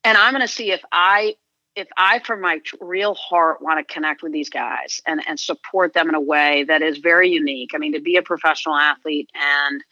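Middle-aged woman, sports agent guest, bright lower voice, earnest and reflective, dull dry sound. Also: steady tone, brisk, dry recording. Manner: reflective, earnest, frequent restarts. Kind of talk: conversational interview.

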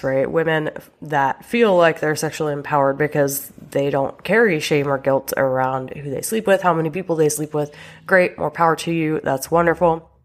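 A woman hosting her own podcast as a relationship coach, talking frankly and chattily, with casual swearing. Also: low-pitched. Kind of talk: casual solo podcast talk.

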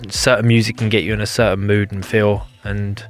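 A man's voice: lowish voice, little pitch movement, fairly quick, soft background music. A man co-hosting a boxing podcast, playful and jokey and laughing often. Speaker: podcast co-host, former boxer. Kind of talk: casual podcast chat.

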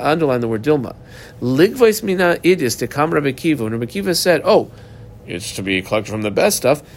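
A man's voice: fairly high pitch, a little hiss or hum. A man teaching a Talmud class, reading Aramaic lines aloud and then explaining them in plain English.

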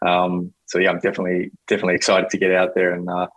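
A man's voice: deep voice, monotone, racing, a bit bright, no echo, low-quality recording. A man answering as an athlete guest in an interview, hesitant with many fillers.

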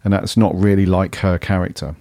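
Deep voiced bloke on a podcast, laid back, loads of ums, dry mic. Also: male voice, steady tone, fairly quick, warm tone, dry recording. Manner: easygoing, hesitant, many ums. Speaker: podcast co-host. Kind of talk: casual podcast chat.

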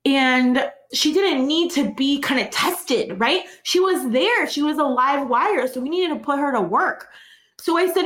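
Female interview guest, lively and laughing storyteller, high-pitched, recorded in a roomy space. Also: unhurried. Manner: animated, laughs often while telling stories. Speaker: guest, organizer. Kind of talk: conversational storytelling.

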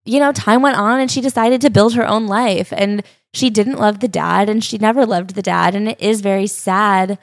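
A woman's voice: mid-range voice, fairly even intonation, moderate pace, few pauses, dry recording, clean studio sound. A woman co-hosting a podcast, summarizing a book's story in a plain, matter-of-fact way. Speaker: podcast co-host. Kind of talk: casual book discussion.

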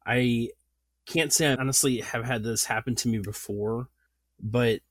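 At a measured pace and medium pitch, a podcast host in his thirties tells an animated story in casual chat. He laughs often and fills his speech with "like." There is no echo on the recording.

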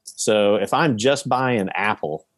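Low-voiced man explaining investing. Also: slow, dry recording, clean studio sound. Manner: explains with everyday examples, many fillers. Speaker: podcast guest, real estate investor. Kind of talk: casual podcast conversation.

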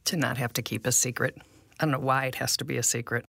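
A woman's voice: rumbling low, fairly even intonation, fast talker, gravelly, a bit bright, no echo. Chatty woman podcast host, dry sound. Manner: chatty, reflective, repeats phrases. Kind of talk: conversational podcast hosting.

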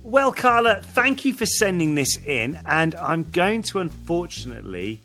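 A man's voice: fairly high pitch, sing-song, measured pace, few pauses, sharp tone, soft background music. A man co-hosting a podcast, chatting casually with playful, mock-serious banter. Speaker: podcast co-host. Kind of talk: casual chat.

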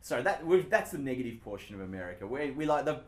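An Australian man chatting casually, rambling through his stories and poking fun at himself. His voice sits at an ordinary pitch and rings a little in an echoey room. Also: sing-song, quick pace. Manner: rambling, self-deprecating storytelling. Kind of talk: casual chat.

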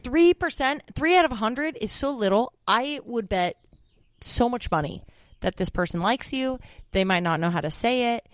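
A woman's voice: on the high side, expressive, moderate pace, dry recording, studio quality. A young woman co-hosting a podcast, joking and giving emphatic advice in casual chat. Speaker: podcast co-host.

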